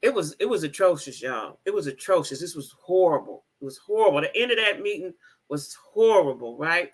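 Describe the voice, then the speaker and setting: A woman in her fifties telling a story in a casual vlog, animated and emphatic, laughing as she talks. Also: lowish voice, fairly quick, husky. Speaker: vlogger.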